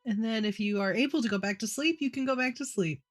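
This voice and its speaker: A woman's voice: fairly high pitch, quick pace. Casual woman running a tabletop scene. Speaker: player. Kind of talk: tabletop game play.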